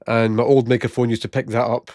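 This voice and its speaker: A man's voice: mid-range voice, flat delivery, fast talker, darkish tone, no room sound, clean studio sound. A man vlogging in casual storytelling, a little short of breath from a chest infection, often laughing at his own stories. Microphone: new gated microphone close up.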